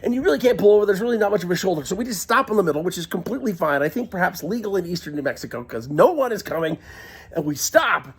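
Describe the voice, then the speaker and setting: A man telling a comic personal story into a handheld camera, excitable and prone to giggling, shouting when he quotes himself. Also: sits high, rapid-fire, breathy edge.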